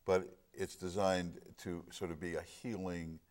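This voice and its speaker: Middle-aged man, very deep voice, earnest storyteller in casual talk. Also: flat delivery, a little slow, darkish tone. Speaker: film discussion guest. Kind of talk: casual chat.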